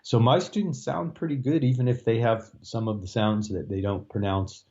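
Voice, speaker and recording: A man's voice: medium pitch, moderate pace, dark tone, muffled recording. A man, a Russian language professor explaining his teaching in an interview, with frequent fillers and restarts. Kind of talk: interview answers.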